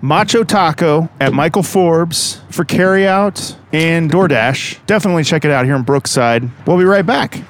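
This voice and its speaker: A man's voice: a little high, normal speed, few pauses. A man hosting a casual food review podcast, upbeat and playful, chatting at a restaurant. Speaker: podcast host. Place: local restaurant.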